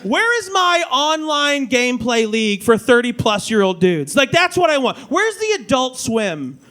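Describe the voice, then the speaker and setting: A man in his thirties doing a stand-up comedy set on a club stage, animated and slipping into mock voices. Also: extremely high pitch, moderate pace. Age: 30s. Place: comedy club stage before a live audience. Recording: live club audience faintly heard. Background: audience laughter.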